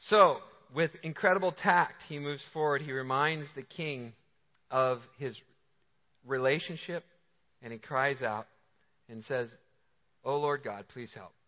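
A man preaching a sermon with energetic, emphatic, conversational delivery. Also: mid-range voice, unhurried. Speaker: pastor. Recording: reverberant hall, slightly dull sound.

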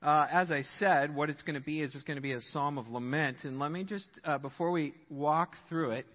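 A man preaching a sermon as pastor, telling a story in an animated way and laughing often, in a church sanctuary. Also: on the high side, a little fast, long reverb tail, highs cut off.

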